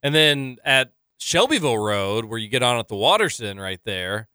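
Bright, smooth-voiced chatty radio host. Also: male voice, medium pitch, big pitch swings, moderate pace, dry recording, clean studio sound. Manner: chatty storyteller, filler-heavy. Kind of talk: casual radio banter.

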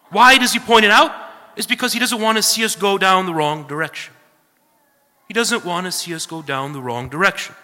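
A man preaches with a high, sharply bright voice that rings through a long hall reverb. He talks earnestly, circling back to his points and tossing in quick checks with the listeners. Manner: earnest, repeats points, tag questions. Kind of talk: sermon.

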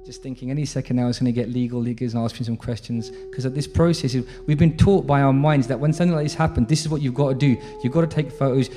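A man with a British accent giving a conversational storytelling talk to a congregation, retelling a story with frequent restarts. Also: medium pitch. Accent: British English. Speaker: Sikh speaker addressing a congregation. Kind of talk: spoken storytelling talk with a moral lesson. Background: music.

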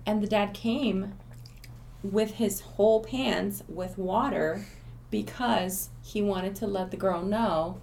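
A woman's voice: mid-range voice, slow pace, creaky, a little mellow, slight background noise. A woman guesting on a podcast, telling a story casually and acting out the quotes.

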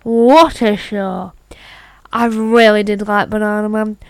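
A woman's voice: mid-range voice, little pitch movement, slow, no room sound. A British woman vlogging in casual chat, reading an article aloud with chatty asides and stumbles. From Britain.

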